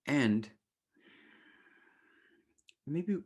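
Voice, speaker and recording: A young man teaches a relationship class in a loose, animated way, checking in with listeners by asking "right?". His voice sits at a middle pitch, and he slips into playful voices to act out his own quoted thoughts. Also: extremely slow, breathy edge. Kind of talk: casual teaching talk.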